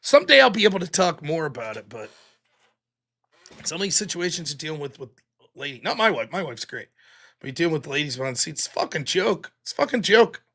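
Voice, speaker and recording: A man's voice: fairly high pitch, sing-song, quick pace, long pauses, sharp tone. A man hosting a live stream, ranting casually with plenty of profanity.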